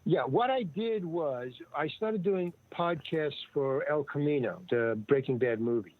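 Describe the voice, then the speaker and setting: A man's voice: a little high, unhurried, no echo. Older man rambling over a tinny line. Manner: digressive, restarts, quotes others. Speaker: guest. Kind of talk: rambling casual storytelling. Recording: tinny phone-like line, dry.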